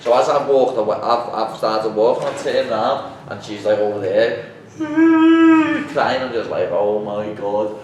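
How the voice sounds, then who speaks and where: A man's voice: on the low side, a little fast. A young man, chatting casually as a podcast guest and telling stories animatedly, acting out what people said. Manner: animated storytelling, acts out quotes. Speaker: podcast guest, MMA fighter. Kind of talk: casual chat. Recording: echoey room, distant mic, faint noise.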